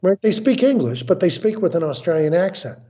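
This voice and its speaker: A man's voice: high-pitched, very animated, brisk, dark tone, dull audio. A man speaking as an interview guest about his work as a family counselor, blunt and emphatic, acting out what other people say. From United States. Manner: emphatic, blunt, acts out quotes. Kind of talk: animated storytelling interview.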